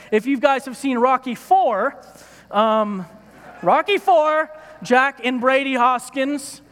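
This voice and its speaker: A man's voice: very high-pitched, a bit bright, big-room sound. A man giving a sermon from a church stage, in a playful, joking manner. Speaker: preacher.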